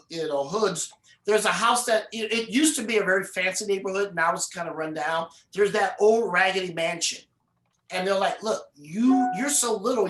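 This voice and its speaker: A man, a film director and guest speaker, telling a story in an animated way at a university event and acting out the characters. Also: high-pitched, reverberant. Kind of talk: storytelling in a live conversation.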